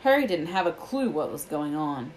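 A woman reading a children's fantasy novel aloud in a steady storytelling manner. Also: low voice, moderate pace, a little hiss or hum, low-quality recording. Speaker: audiobook reader.

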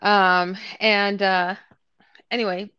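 Woman co-host, chatty storyteller, mid-pitched, dull dry lo-fi sound. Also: slow, clear, resonant tone, no echo. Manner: animated, acts out quotes, laughs often. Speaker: podcast co-host. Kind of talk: casual storytelling chat.

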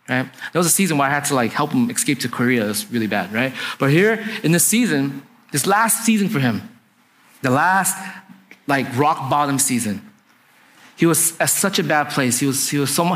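A male pastor preaching in a loose, chatty way, telling a story and often asking his listeners "right?" to keep them with him. His voice sits a little higher than most men's. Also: expressive, moderate pace, fairly bright tone. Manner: conversational, often asks "right?" to the congregation. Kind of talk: sermon storytelling.

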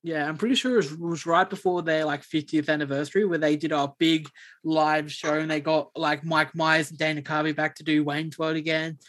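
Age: adult. Sex: man. Style: casual podcast chat. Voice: slightly high, rambling and loose. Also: steady tone, brisk, fairly bright tone, dry recording. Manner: loose, rambling, swears and laughs often. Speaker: podcast co-host.

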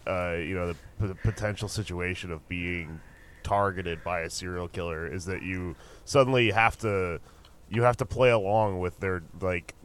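A man's voice: low voice, a bit bright, slight background noise. A man in a casual podcast chat, speaking bluntly and swearing for emphasis.

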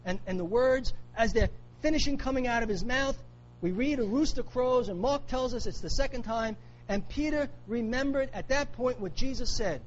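A man's voice: very high-pitched, normal speed, lo-fi sound, a little hiss or hum. A man preaching a sermon, emphatic, repeating key phrases for weight. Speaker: pastor.

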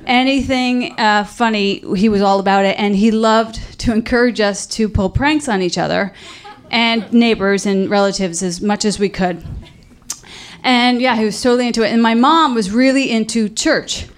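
Animated woman telling a story on stage. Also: fairly high pitch. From New Jersey. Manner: animated, acts out kids' voices, laughing asides. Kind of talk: live storytelling show. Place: live stage with audience.

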